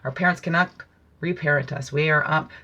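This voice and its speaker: A woman hosting a spiritual teaching talk, with a bright, clear voice. She muses and wanders between thoughts, stretching out key phrases slowly for emphasis. Her tone is earnest and unhurried. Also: low-pitched, dull audio. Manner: meandering, reflective, musing asides. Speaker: host.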